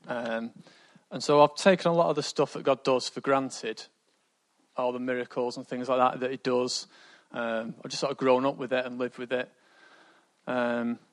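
Church member, man, flat delivery, halting testimony. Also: mid-range voice. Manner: hesitant, with frequent ums. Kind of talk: spoken testimony.

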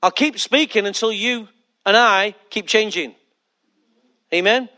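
A man's voice: high voice, a little slow, sharp tone. A male pastor preaching a sermon emphatically, repeating key lines and putting questions to the congregation.

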